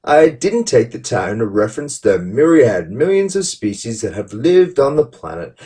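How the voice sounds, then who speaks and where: A man's voice: warm tone, distant mic. A man voicing a theatrical, mock-polite commenter, mocking with exaggerated politeness. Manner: exaggerated sarcastic politeness, rising high pitch.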